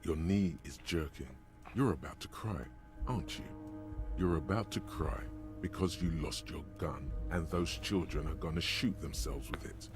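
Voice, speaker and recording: An actor voicing an ominous inner voice that narrates a video game character's thoughts, grave, taunting and intimate. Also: male voice, sits low, normal speed, music in the background, lightly acted.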